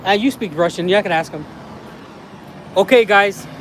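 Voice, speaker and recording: A man livestreaming on his phone as he walks around town outdoors, chatting casually and excitably, rambling with lots of fillers. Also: high voice, normal speed, a little hiss or hum. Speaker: vlogger livestreaming. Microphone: handheld phone livestream.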